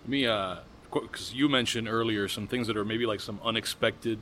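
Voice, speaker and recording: A man's voice: lowish voice, fairly even intonation, moderate pace, a bit bright. A man hosting a podcast, asking loosely phrased questions in a casual interview, with a faint hiss behind. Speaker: podcast host.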